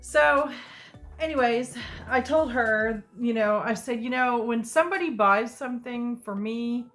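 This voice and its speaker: A woman's voice: a little high, a little slow, a bit bright, faint music behind. Sarcastic woman telling a storytime. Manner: casual, exasperated retelling with sarcastic asides. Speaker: vlogger. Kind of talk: storytime vlog. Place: sister's living room couch.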